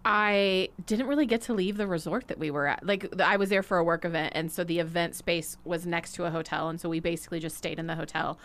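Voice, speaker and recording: A woman's voice: lowish voice, fairly even intonation, fast talker, hardly any pauses, fairly bright tone. A woman co-hosting a podcast in casual chat, dry and teasing in a matter-of-fact way. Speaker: podcast co-host.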